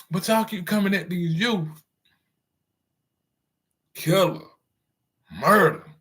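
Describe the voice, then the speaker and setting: A man talks straight to his audience in a loose, slangy rant. His voice sits a little high for a man. He drifts between asides and chuckles at his own jokes. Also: a bit bright. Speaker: commentator hosting his own channel. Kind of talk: casual commentary rant.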